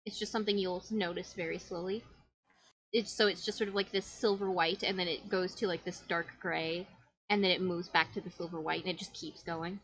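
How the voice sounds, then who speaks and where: Husky woman narrating as game master. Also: fairly low pitch, fairly even intonation, brisk, dry recording, low-quality recording.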